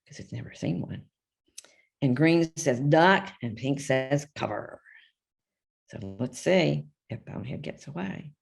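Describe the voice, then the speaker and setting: An older woman, the author of a children's picture book, reads it aloud live, chatting between pages and doing little voices for the characters with small shifts and asides. Her voice is deep, husky and expressive, with vocal fry and a slightly slow pace.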